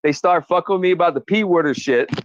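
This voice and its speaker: A man's voice: high-pitched, fast, dry recording, highs cut off. A man, a guest on a talk show, telling his side of a dispute in a heated, profane way and often quoting what he said back then. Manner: profane, repeats himself, quotes his own past remarks.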